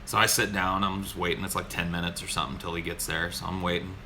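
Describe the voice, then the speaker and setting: Man, podcast host, bright voice, casual swearing storyteller, faint background noise. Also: deep voice, level tone, fast talker. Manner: profane, exasperated.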